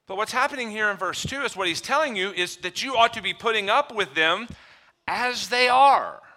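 Bright-voiced animated man preaching. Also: moderate pace. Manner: animated preaching that swings between soft low lines and loud emphatic ones; acts out little dialogues with humor. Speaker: pastor. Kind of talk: sermon.

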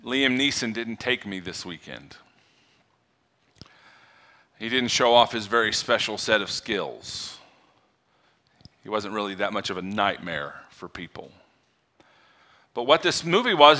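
A man, a pastor, preaching a sermon in a conversational way that builds to loud, excited delivery. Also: mid-range voice, slow pace, long pauses.

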